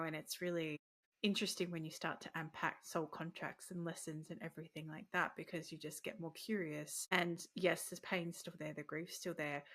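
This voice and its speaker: A woman's voice: low voice, gravelly, a bit bright. A woman hosting a conversational interview, reflective and affirming, telling stories. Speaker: podcast host.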